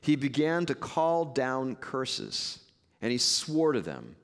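Male pastor, earnest sermon delivery, mid-pitched voice, long hall echo. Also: big pitch swings, a bit bright. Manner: earnest, measured preaching with conversational asides.

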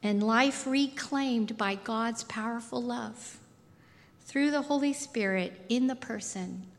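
A woman preaching a sermon in a slow, deliberate, softly intimate way. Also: on the high side. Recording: reverberant hall.

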